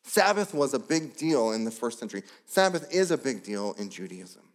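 A pastor delivering a sermon, telling the story with lively asides and brief voiced characters. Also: male voice, medium pitch, moderate pace. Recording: long hall reverb.

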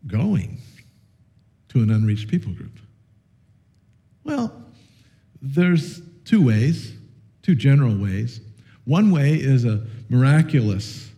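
A man preaching a sermon to his congregation, telling a story and calling on listeners, conversational with frequent fillers and restarts. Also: a little high. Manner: animated, storytelling with audience participation. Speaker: pastor.

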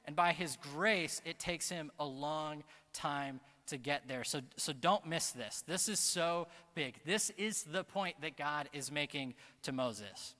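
A man preaching a sermon as pastor, earnest and emphatic, slowing down to stress key phrases. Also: fairly high pitch, pushed and bright. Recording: long reverb of a large hall.

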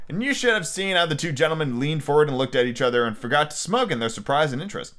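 A man's voice: mid-range voice, big pitch swings, rapid-fire, hardly any pauses, fairly bright tone. Profane, opinionated podcast reader man. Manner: profane, blunt and opinionated asides. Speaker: podcast host reading a novel aloud. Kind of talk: casual audiobook reading with rants.

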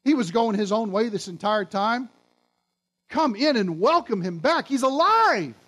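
Man doing a pleading father, gentle, soft, coaxing. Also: very high voice, very animated, a little slow, heavily acted.

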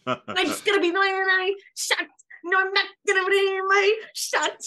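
A woman's voice: extremely high pitch, fairly even intonation, a little slow, bright, forceful tone. A woman co-hosting a podcast in casual chat, rambling and laughing as she talks. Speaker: podcast co-host.

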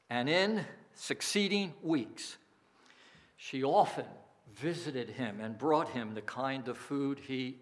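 A male pastor delivers a sermon at an unhurried, measured pace. His voice sits in a middle pitch, and he leans on key phrases with emphasis. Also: a bit bright. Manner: slow, deliberate preaching with emphatic phrasing.

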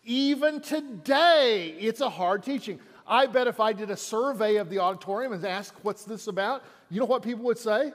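A man's voice: high voice, lively intonation, moderate pace, hardly any pauses, long reverb tail. A man preaching a sermon in an auditorium, in a conversational way that repeats lines for emphasis. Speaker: pastor.

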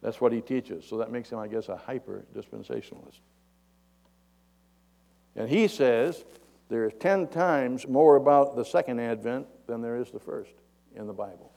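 A man's voice: medium pitch, animated, moderate pace, creaky, dark tone. A male preacher giving a folksy, conversational sermon.

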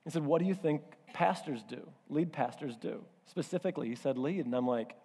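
A male pastor preaching a sermon, telling a personal story in an animated way and acting out voices and asides. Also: on the high side, brisk, few pauses, slightly rough. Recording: hall reverb.

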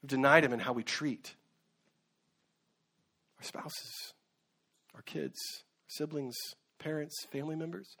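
A man's voice: fairly high pitch, fairly even intonation, slow pace, creaky, long pauses, fairly bright tone. A man preaching a sermon as a pastor, earnest, with occasional fillers and restarts. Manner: earnest, with fillers and self-corrections.

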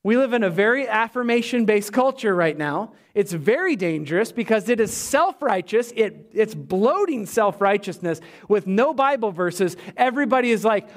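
A middle-aged man preaching from the pulpit in a fairly high voice. He presses his points with emphasis, then sinks low and quiet to drive them home to the congregation. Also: expressive, moderate pace, few pauses. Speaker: pastor. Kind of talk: sermon. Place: church.

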